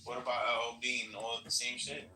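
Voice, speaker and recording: A man casually asking questions in a relaxed, conversational way. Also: medium pitch, fairly quick. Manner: inquisitive, conversational. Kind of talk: casual chat. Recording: distant echoey line with clear background noise.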